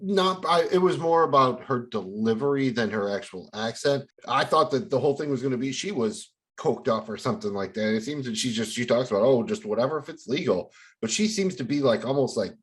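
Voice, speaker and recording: A man's voice: medium pitch, expressive, fairly quick, hardly any pauses. A man co-hosting a podcast, explaining plot points in long run-on sentences full of fillers. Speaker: podcast co-host. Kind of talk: casual chat.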